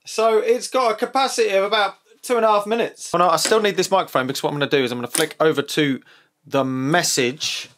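A man's voice: high voice, quick pace, a bit bright. A man casually demonstrating an old machine, chatting and thinking aloud as he tinkers. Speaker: museum owner demonstrating an answering machine.

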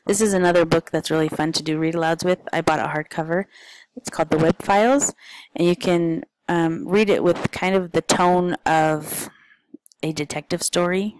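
A woman's voice: on the low side, fairly even intonation, a little fast, a little mellow, low-quality recording. A woman, a parent, chatting casually and informally through a stack of picture book recommendations, with frequent ums and uhs.

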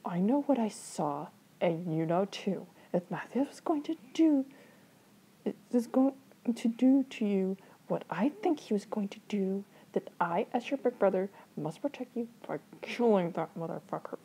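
A woman's voice: fairly high pitch, very animated, normal speed, warm tone, breathy edge, voice pushed up, full character voice. A woman voicing an angry, protective older brother who swears and threatens in a fan story reading. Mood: low and firm. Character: furious protective older brother, young man.

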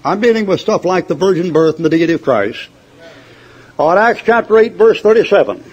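An older man preaches to his congregation in a high, husky voice, combative and folksy, cracking mocking jokes. The recording is a dull, lo-fi church tape. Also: animated, brisk, a little mellow. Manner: folksy, combative, mocking, tells joke stories and laughs at them. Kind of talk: fiery sermon with jokes.

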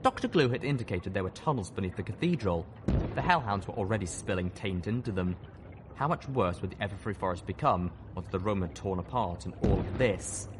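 A man's voice: low voice, fairly quick. A man reading a fan novel aloud as an audiobook, in intense first-person narration. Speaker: audiobook reader. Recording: noisy with battle sound effects.

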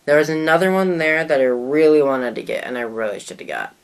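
A woman's voice: deep voice, lively intonation, fairly quick. A woman vlogger in a casual show-and-tell talk to the camera, chatty and rambling, often trailing off mid-sentence.

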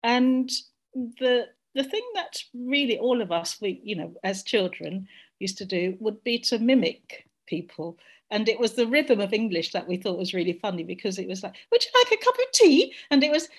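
A woman's voice: medium pitch, normal speed. A middle-aged woman from Jamaica, sharing personal reflections as a panelist in an online group discussion, searching for words as she goes.

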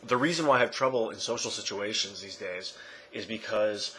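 Man vlogger, lowish voice, rambling musings to a camera mic, faint room noise behind. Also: moderate pace, rough recording. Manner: rambling, self-correcting, often trails off quietly. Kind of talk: casual talk to camera.

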